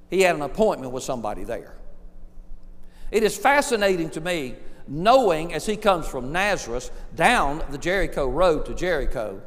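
A man preaches in a church sanctuary, his voice rising and falling in wide, lively swings. His tone sits a touch higher than most men's, with dramatic pauses between phrases. A long reverb trails every line through the big hall. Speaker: pastor. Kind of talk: sermon.

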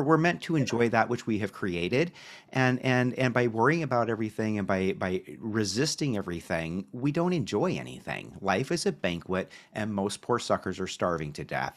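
A man who coaches clients, talking reflectively in casual podcast chat, often repeating words as he thinks. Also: on the low side.

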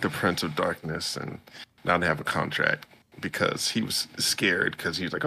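A man's voice: low-pitched, fairly even intonation, moderate pace, gravelly, bright, forceful tone, husky. A man co-hosting a podcast, casually recapping a show episode in a rambling way and slipping into quoted voices. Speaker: podcast co-host.

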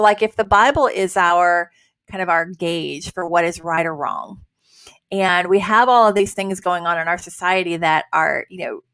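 A woman's voice: lowish voice, fairly bright tone, no echo. Earnest, chatty woman host. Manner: conversational, earnest, many fillers. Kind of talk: casual Christian talk.

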